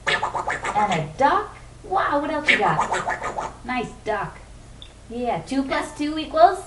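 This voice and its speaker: A woman with a fairly high, lively voice coaxes her pet bird in sing-song baby talk, slow and drawn out. She is heard from a distance in an echoey room on a home camera. Loud noise sits under her voice. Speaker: pet owner. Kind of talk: home video talking to a pet parrot.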